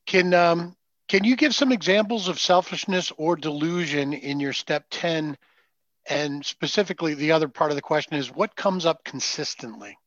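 A man interviewing a guest, asking questions in a halting way with restarts. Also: a little high, fairly bright tone, no echo, dull audio.

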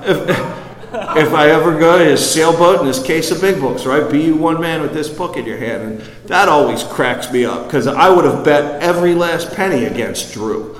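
A man sharing a personal recovery story with a group, rambling, full of quick asides. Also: a little high. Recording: echoey hall.

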